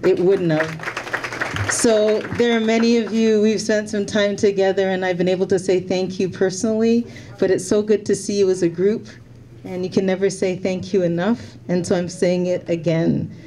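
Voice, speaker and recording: A woman's voice: medium pitch, steady tone, normal speed, dark tone. A Canadian-born woman speaking as a member of parliament, giving a heartfelt, slightly emotional thank-you speech to volunteers at an event. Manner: heartfelt, repeats her thanks, a little emotional.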